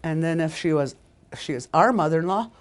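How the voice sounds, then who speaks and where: A woman's voice: low voice, expressive, fairly quick. A woman teaching a language lesson, repeating each word several times and correcting herself as she goes.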